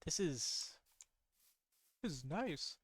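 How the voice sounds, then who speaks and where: A sleepy streamer with a slightly high-pitched voice talks through his game in a loose, rambling way. He yawns between thoughts, circles back to repeat himself, and perks up easily at small discoveries. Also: very animated, extremely slow, slightly rough, dry recording, clean studio sound. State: sleepy, yawning. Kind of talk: casual gameplay commentary.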